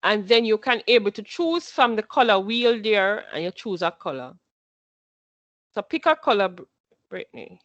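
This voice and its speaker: A woman's voice: medium pitch, lively intonation, normal speed, fairly bright tone, dry recording, dull audio. A woman teaching a class, patient, who repeats her instructions and quizzes her students as she goes.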